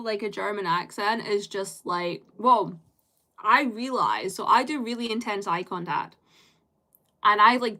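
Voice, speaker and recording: A woman's voice: mid-range voice, pushed and bright. A woman live streamer chatting with her viewers in a loose, rambling way. She strings thoughts together with constant fillers and drops casual swear words.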